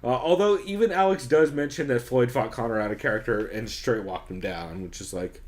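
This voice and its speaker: A man's voice: mid-range voice, a little fast. A man co-hosting a podcast, chatting casually, swearing a lot and laughing often as he recaps shows. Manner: profane, joking, laughs often. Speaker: podcast co-host.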